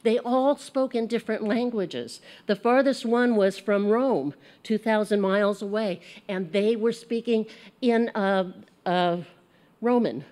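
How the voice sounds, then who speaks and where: A middle-aged American woman leading a relaxed Bible study. She talks in a chatty, animated way and laughs at her own slips. Her pitch sits in an ordinary middle range. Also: measured pace. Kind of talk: casual Bible lesson.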